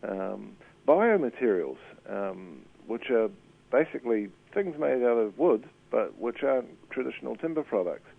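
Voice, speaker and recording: A man's voice: mid-range voice, very animated, normal speed, creaky, slightly rough. A man chatting casually on radio as a media commentator, hesitant with many fillers and restarts. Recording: tinny phone line.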